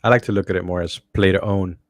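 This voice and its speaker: Flat low-voiced male co-host. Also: quick pace, no echo, studio quality. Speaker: podcast co-host. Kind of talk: casual chat.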